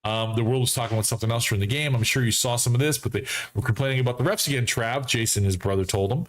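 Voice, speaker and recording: Man, fan show host, casual football chat, animated, mocking asides, home studio. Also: on the low side, brisk. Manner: animated, mocking asides, acts out quoted friends.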